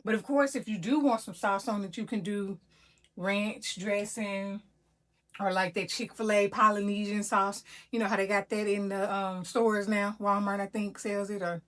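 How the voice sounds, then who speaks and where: A woman's voice: mid-range voice, fairly even intonation, moderate pace. A woman from Mississippi with a Southern accent, chatting casually as a cooking vlog host and laughing often. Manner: chatty, laughs often, addresses viewers as y'all. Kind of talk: casual chat.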